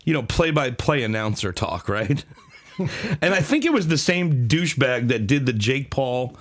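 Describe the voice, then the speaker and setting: A man's voice: mid-range voice, moderate pace. A man co-hosting a comedy podcast, chatting casually and jokily, often slipping into a mock sports announcer voice. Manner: jokey, animated, keeps slipping into a mock announcer voice. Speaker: podcast co-host.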